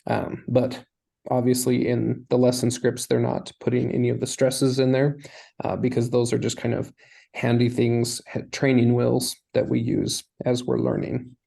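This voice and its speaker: A man's voice: medium pitch, little pitch movement, normal speed, gravelly, mellow, husky, poor audio. A man teaching a Hebrew lesson, explaining patiently step by step. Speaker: language teacher.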